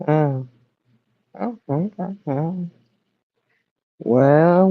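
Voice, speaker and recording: A woman hosts a relaxed livestream chat, teasing and laughing as she goes. Her pitch swings widely and stays lively. The sound is dry and a bit dull, like a modest home mic. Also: moderate pace, dry recording. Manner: playful teasing, laughing often. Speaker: livestream host. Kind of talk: casual chat reading viewer comments.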